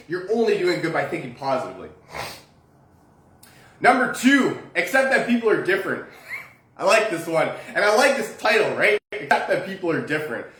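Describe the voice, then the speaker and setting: High-voiced man, rambling self-help talk. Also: bright, forceful tone, roomy sound. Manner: rambling, frequent "right?" tags and restarts; chuckles often while talking. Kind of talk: casual motivational talk.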